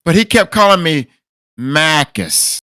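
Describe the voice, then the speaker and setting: A brash tough guy who swaggers and talks down to his listener, as a man puts him on. The voice is sharp and bright, with a pitch that leaps around, and it sits close and dry to the mic. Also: very animated, moderate pace, no echo, exaggerated voice. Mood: swaggering. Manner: loud, swaggering, calls others "conversation guy". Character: brash male Northeast tough guy, mock gangster.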